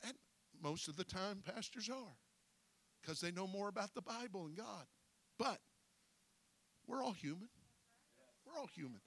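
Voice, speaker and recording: Gravelly high-voiced preacher man, dry sound. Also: lively intonation, normal speed, long pauses, no room sound. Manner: swings from low storytelling to shouted preaching; folksy, with "uh" breaks between shouted phrases. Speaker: pastor. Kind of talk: sermon.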